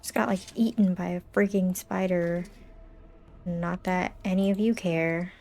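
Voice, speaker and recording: Slow-talking playful woman streamer. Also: fairly low pitch, fairly even intonation, background noise. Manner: playful, jokey, dramatically scared. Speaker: gaming streamer. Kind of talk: casual gameplay commentary.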